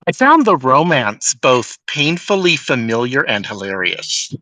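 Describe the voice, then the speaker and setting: A man's voice: mid-range voice, sing-song, unhurried, sharp tone, no room sound, low-quality recording. A man co-hosting a casual book podcast, playful and joking. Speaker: podcast co-host.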